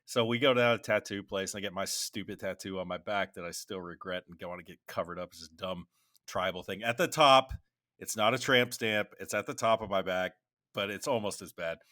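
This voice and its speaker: Deep-voiced veteran man, rambling storyteller. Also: fairly quick, pushed and bright, no room sound, studio quality. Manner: rambling anecdotes with many restarts and fillers. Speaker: podcast co-host; military veteran. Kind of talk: casual conversational storytelling.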